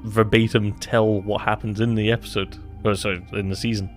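A man's voice: on the low side, level tone, a little fast, faint music behind. A man co-hosting a casual podcast chat about a TV series, rambling and self-deprecating, often restarting his sentences. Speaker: podcast co-host.

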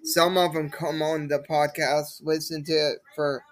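A woman's voice: sits low, level tone, measured pace. A young adult woman hosting her own podcast, talking alone in a rambling, repetitive way with lots of fillers. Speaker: podcast host. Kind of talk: casual solo podcast monologue.

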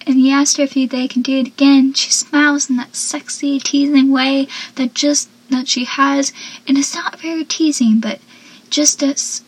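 A young woman casually recapping a TV episode, chatty and laughing often, with animated asides. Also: high voice, normal speed, dry recording, low-quality recording.

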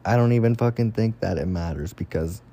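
A young man talks fantasy football picks on his own, cursing freely and rambling as he gets worked up. His voice sits a bit low and sounds mellow and dark. He jumps between excited bursts and offhand asides. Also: fairly quick. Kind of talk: casual solo commentary.

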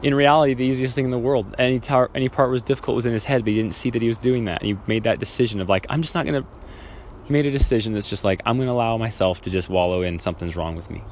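A man's voice: steady tone, rapid-fire, few pauses. A man talks through a personal story on his own podcast, wandering and correcting himself as he goes. The sound is slightly muffled, with faint traffic noise behind him. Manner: rambling, self-correcting, acts out childhood scenes with raised pitch. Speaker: podcast host. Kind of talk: reflective solo podcast storytelling.

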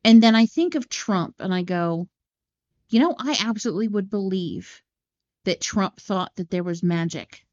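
A woman co-hosting a casual movie podcast, swearing freely and going off on animated tangents. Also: medium pitch, moderate pace, dull audio. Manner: profane, tangent-prone, animated. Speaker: podcast co-host.

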